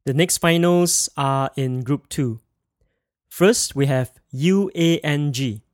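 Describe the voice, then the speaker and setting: A man teaching a pronunciation lesson, modelling each sound slowly and carefully and asking the listener to repeat it. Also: on the high side, no echo, studio quality. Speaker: language teacher.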